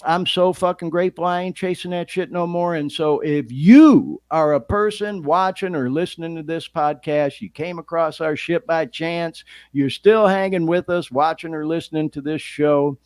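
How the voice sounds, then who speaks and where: A man's voice: on the high side, moderate pace, hardly any pauses, clear, resonant tone, no room sound, clean studio sound. A middle-aged man with a Detroit accent hosting a podcast, talking casually with lots of swearing and frequent laughter. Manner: profane, laughs often, expressive swings. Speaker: podcast host.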